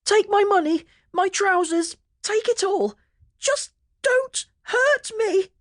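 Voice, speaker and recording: A squeaky panicky kid, all wails and outrage, storybook style. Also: male voice, big pitch swings, takes it slowly, fairly bright tone, no room sound, clean studio sound, exaggerated voice. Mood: terrified. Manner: high shrill wailing, indignant. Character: panicky nine-year-old boy, easily flustered.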